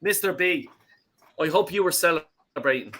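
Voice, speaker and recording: A man's voice: high-pitched, normal speed, crowd noise. A man hosting a football call-in show, ranting angrily and swearing about his team. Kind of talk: heated football call-in chat.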